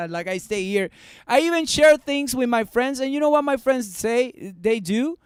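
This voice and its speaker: Excitable male stream host with a high, smooth voice and a dry, close sound, joking through viewer comments, sprinkling in Spanish. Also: unhurried, no room sound. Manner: excitable, joking, swings between loud and muttered; drops Spanish words into English. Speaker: stock market livestream host. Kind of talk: casual livestream chat reading comments.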